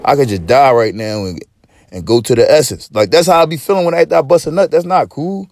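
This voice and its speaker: A podcast host with a mid-range, slightly mellow voice speaks fairly quickly, recorded with clean studio sound and no echo. His rant is casual slang laced with swearing, rambling and full of restarts, delivered in a preachy street-slang manner.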